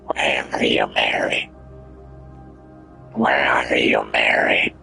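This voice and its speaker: A man voicing a creepy, dazed young man who calls for his wife in a slow, breathy, mocking whisper. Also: extremely low pitch, steady tone, pushed and bright, soft background music, pitched below the performer's own voice, exaggerated voice. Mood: eerie whisper. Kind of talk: mocking impression of a game character.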